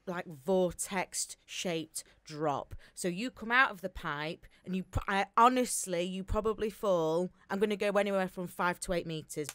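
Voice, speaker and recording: A woman's voice: lowish voice, normal speed, few pauses, a bit bright, clean tone, no room sound. A woman with a Northern English accent, chatting enthusiastically on a podcast and punctuating her story with sound effects. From England. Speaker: podcast co-host. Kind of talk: casual chat. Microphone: studio mic.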